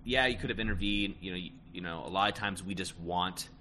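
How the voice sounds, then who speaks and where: A man's voice: low-pitched, fairly quick, sharp tone, a little hiss or hum. A man coaching listeners on relationships in a casual, emphatic way, often tagging lines with "right?". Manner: emphatic, repeats "right?" and "end of story". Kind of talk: casual advice talk.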